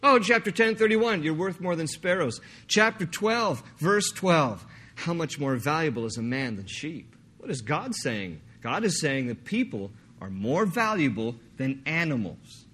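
A man preaching a sermon, animated and joking, slipping into mock voices to make his point. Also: on the high side, unhurried, slightly rough. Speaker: pastor.

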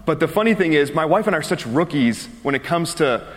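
A man's voice: on the high side, animated, a little fast. A man in his thirties, a pastor giving a chatty, conversational sermon and laughing easily between his words. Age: 30s. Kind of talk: conversational sermon with personal story. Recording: long reverb of a large hall.

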